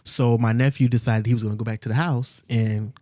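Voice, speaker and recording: A man sits close to a dry-sounding mic as a podcast guest and tells a painful family story. He speaks earnestly and haltingly, circling back over his words as emotion rises, close to tears. His pitch sits in an ordinary middle range. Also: fairly even intonation, mellow, no room sound. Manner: earnest, halting, repeats himself as he works through feelings.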